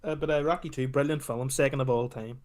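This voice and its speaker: A man chatting on a podcast, animated and swearing freely as he acts out film scenes. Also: medium pitch, quick pace. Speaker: podcast co-host. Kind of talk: casual chat.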